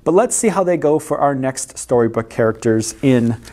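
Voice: medium pitch, lively intonation, normal speed, hardly any pauses, dark tone. A library storyteller reading picture books aloud to children, who asks the listeners questions and explains words along the way.

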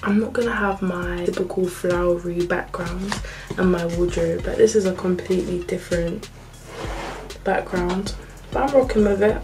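A woman's voice: fairly low pitch, fairly even intonation, normal speed, over music. A young woman, a university student chatting casually and bluntly to camera in her new room. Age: young adult.

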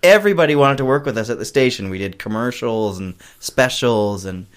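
Interview guest: a man, casual and animated, rambling answers that trail off. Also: medium pitch, fairly quick. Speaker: guest, puppet show creator.

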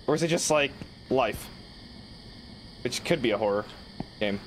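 A man's voice: mid-range voice, animated, normal speed, pauses often, slight background noise. A man streaming a game, rambling, joking and swearing in casual commentary. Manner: rambling, swearing, jokey outbursts.

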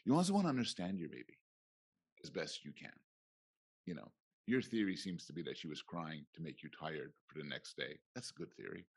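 Middle-aged guy with a deep husky voice, thoughtful professor talk at a conference. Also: sing-song, brisk. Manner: reflective, acts out quoted voices. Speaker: guest professor. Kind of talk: conference interview.

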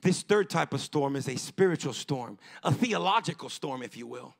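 A male pastor delivering a fervent, emphatic sermon that rises into bursts of shouting. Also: medium pitch, animated, normal speed, creaky. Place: church.

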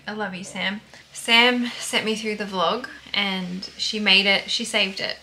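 Bright chatty Australian woman vlogging. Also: medium pitch, normal speed, slight background noise. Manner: chatty, swears casually, rambling asides. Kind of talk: casual vlog talk to camera.

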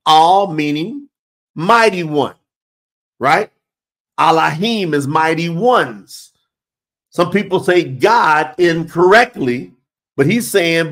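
A man's voice: sits high, expressive, unhurried, fairly bright tone. A man teaching scripture, reading verses aloud and stressing them emphatically with rhetorical questions. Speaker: Bible teacher.

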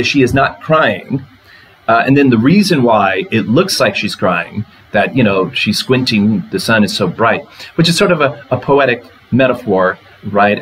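A man's voice: mid-range voice, lively intonation, moderate pace, fairly bright tone, a little hiss or hum, rough recording. A man lecturing on a poem, talking through it line by line and asking the class rhetorical questions. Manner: conversational, asks rhetorical questions. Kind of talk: literature lecture.

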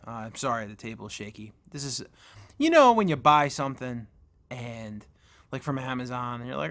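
A man's voice: mid-range voice, very animated, moderate pace, fairly bright tone. A man in his forties casually reviewing gear, rambling and correcting himself, recorded at a table in a room at home through a camera-mounted shotgun mic. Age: 40s. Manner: rambling, self-correcting, chatty.

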